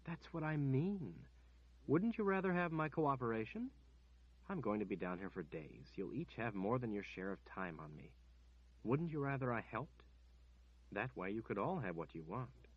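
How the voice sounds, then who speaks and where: A man voicing Kaylin, a frightened, quick-witted young woman. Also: mid-range voice, very animated, slightly rough, lo-fi sound, pitched above the performer's own voice. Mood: coaxing, tense. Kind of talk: audiobook character voice.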